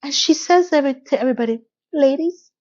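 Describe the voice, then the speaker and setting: A woman giving a casual, animated recap of a TV episode, telling the story with voiced quotes. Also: fairly high pitch, a little slow, lo-fi sound. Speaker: TV recap vlogger.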